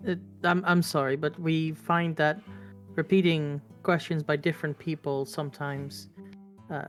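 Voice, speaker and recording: A woman with a lowish voice playing a tabletop game. She speaks politely and a little haltingly. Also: fairly even intonation, faint music behind. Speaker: player.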